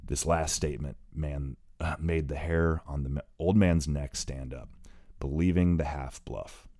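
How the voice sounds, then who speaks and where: A male narrator with an extremely low voice reads an audiobook in an even, steady way, pausing to fix the odd slip. The recording is close and dead dry. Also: no room sound. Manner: steady reading with occasional slips and self-corrections.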